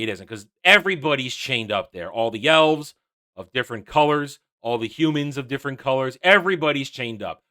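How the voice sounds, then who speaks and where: Sarcastic, bright-voiced male reviewer. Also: mid-range voice. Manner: sarcastic, exasperated, lots of restarts. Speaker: YouTube reviewer. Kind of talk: opinionated episode review.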